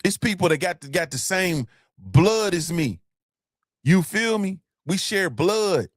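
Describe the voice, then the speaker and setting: A man's voice: high-pitched, animated, unhurried, no echo, clean studio sound. A man hosting a motivational live-stream talk, emphatic and blunt, repeating his points and cussing freely. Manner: emphatic, repetitive, blunt and profane. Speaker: host.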